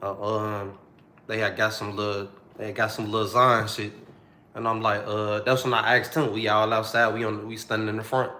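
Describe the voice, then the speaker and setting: Slangy young man with a bright voice. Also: fairly low pitch, little pitch movement, normal speed, roomy sound, slight background noise. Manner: slangy, repetitive, heartfelt retelling. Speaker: storyteller. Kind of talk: personal storytelling to camera.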